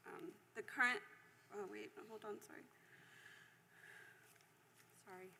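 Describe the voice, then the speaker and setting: A woman in her forties reads her statement at a council podium, earnest and a little nervous. Her voice is bright and clear, with a crisp edge. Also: mid-range voice, fairly even intonation, unhurried, slight background noise. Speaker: hospital lab worker. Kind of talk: read public comment. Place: city council chamber.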